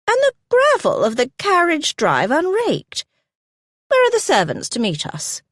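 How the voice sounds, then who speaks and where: A woman's voice: high-pitched, wildly swooping pitch, unhurried, no room sound, clean studio sound, pitched above the performer's own voice, exaggerated voice. A woman voicing a bossy elderly grandmother who scolds sharply. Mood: scolding.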